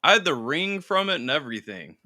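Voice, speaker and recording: A man's voice: on the high side, a little fast. A man hosting a casual livestream chat, rambling easily and swearing now and then. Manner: relaxed, swears freely, trails off. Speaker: stream host.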